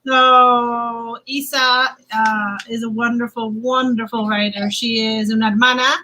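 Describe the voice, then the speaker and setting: A woman's voice: on the high side, little pitch movement, measured pace, pushed and bright, poor audio. A woman moderating a casual livestream panel, chatty and playful, laughing often, on a video call from home.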